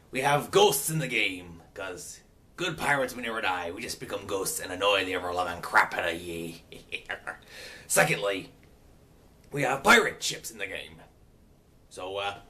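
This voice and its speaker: Guy hamming up pirate lingo on his channel, rambly, voice jumps all over, kinda sharp tone. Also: on the low side. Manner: hammy pirate talk, rambling and self-correcting. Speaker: channel owner. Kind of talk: casual vlog in playful pirate speak.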